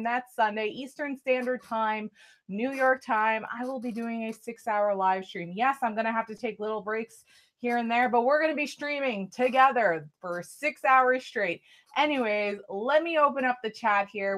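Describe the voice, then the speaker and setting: A woman's voice: high voice, a bit bright. A woman chatting casually on a live stream, reading out viewer names, thanking viewers and apologizing a lot. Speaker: live-stream tarot reader.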